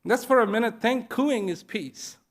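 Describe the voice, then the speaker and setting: A man giving a speech to an audience, slow and deliberate, pausing between short phrases and repeating key words for emphasis. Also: extremely high pitch. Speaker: invited speaker. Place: event at a large international venue.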